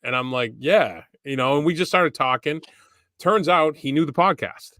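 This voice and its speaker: Bright-voiced young man telling a rambling story. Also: a little high, normal speed, dry recording, clean studio sound. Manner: rambling, acts out quoted people with raised voice. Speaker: podcast co-host. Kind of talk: casual storytelling chat.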